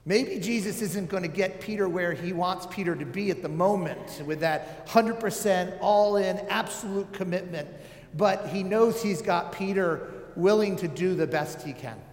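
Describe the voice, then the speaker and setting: A man preaches in a relaxed, talky way, full of fillers and wry asides. His voice sits a little high for a man. The sound carries a roomy, echoing tail, as if recorded in a large hall. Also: moderate pace. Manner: casual, joking asides, many fillers. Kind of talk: conversational sermon. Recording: echoey hall with long reverb.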